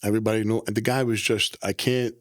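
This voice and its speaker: Low-voiced New man telling stories. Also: fairly even intonation, fast, dry recording, studio quality. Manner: rambling, restarts mid-sentence. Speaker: guest, former mobster. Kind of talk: casual storytelling interview.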